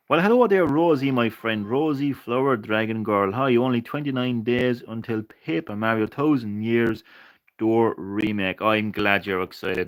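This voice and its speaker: A man streaming retro games live, ranting and swearing with bursts of excitement and laughter. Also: fairly low pitch, rough recording. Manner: ranting, profane, excitable, laughs at own jokes. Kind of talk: casual live-stream chat.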